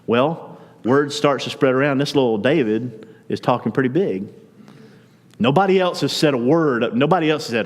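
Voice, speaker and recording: A man preaching a sermon as pastor, retelling a story in a relaxed, conversational way and acting out the quotes. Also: mid-range voice, moderate pace, in a large hall. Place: church.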